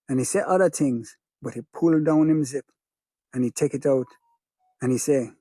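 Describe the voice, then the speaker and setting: A man with a Jamaican accent narrating a first-person story in a rhythmic, hushed patois. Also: medium pitch, moderate pace, no room sound. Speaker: audiobook narrator. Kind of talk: first-person audiobook narration of a child's memory.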